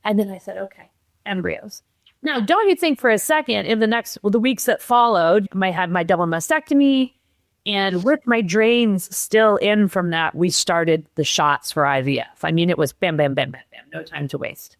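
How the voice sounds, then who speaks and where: A middle-aged woman telling her own story as a podcast guest, animated and acting out the lines of other people, tearful at moments. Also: medium pitch, moderate pace, no room sound. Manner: animated, acts out quotes, laughs while telling. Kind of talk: emotional personal storytelling.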